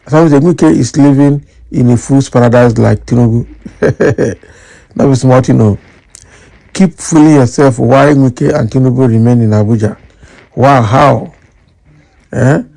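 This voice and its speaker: A Nigerian man reading out political news and then giving lively commentary, slipping into Nigerian Pidgin. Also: medium pitch, vocal fry. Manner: animated, mixes in Nigerian Pidgin.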